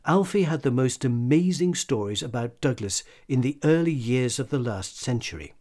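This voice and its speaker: A male radio presenter reading a scripted, fond tribute in a measured, even delivery. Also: medium pitch.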